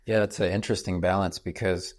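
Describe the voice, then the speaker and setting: Deep-voiced man in his thirties. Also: fairly even intonation, quick pace. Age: 30s. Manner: earnest, reflective storytelling. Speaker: podcast host. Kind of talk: casual conversation.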